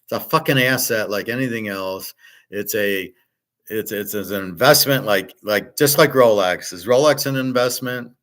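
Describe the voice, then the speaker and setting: A middle-aged man with a lowish voice holds forth to his class. He talks bluntly and swears freely, stumbling over restarts and repeated words as he rambles from point to point. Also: moderate pace, fairly bright tone. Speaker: host lecturing a class. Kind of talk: casual lecture.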